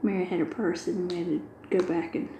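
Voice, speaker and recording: A woman's voice: lowish voice, little pitch movement, quick pace, warm tone, roomy sound, slight background noise, poor audio. A middle-aged woman, chatting casually and retelling a long everyday story with quoted dialogue. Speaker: craft video host. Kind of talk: casual chat while diamond painting.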